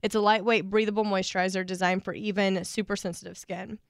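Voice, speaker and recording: A woman's voice: mid-range voice, little pitch movement, quick pace, vocal fry, no room sound, clean studio sound. A young woman co-hosting a podcast, chatting casually with lots of "um" fillers. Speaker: podcast co-host. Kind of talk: casual podcast chat with ad read.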